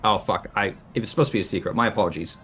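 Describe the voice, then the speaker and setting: A man playing a tabletop game, describing his moves in halting, restarting speech. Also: lowish voice, a bit bright, slight background noise. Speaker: player. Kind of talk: casual tabletop game talk.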